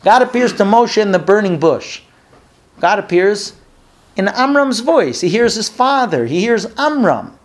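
A man with a somewhat high voice teaches a Bible lesson as a story. He acts out the characters' lines and turns to his listeners with questions. He sometimes halts and repeats words while he thinks. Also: sing-song, measured pace. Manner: storytelling with acted-out dialogue, asks listeners questions. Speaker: Torah teacher.

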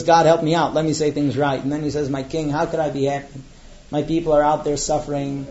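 A man teaching a Torah class, chanting the Hebrew verses slowly before translating them and telling the story with acted-out dialogue. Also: a little high, mellow, muffled recording.

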